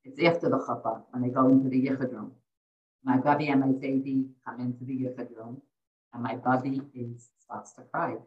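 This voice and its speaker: A woman's voice: very deep voice, steady tone, a little fast. A middle-aged woman and dating coach, telling heartfelt stories in a podcast interview and sprinkling in Yiddish and Hebrew terms. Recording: echoey, distant, dull lo-fi audio.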